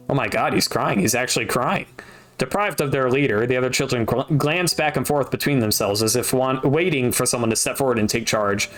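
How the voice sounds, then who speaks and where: A man reading a novel aloud on a stream, steady narration broken by wry asides. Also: mid-range voice. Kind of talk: casual audiobook reading with asides.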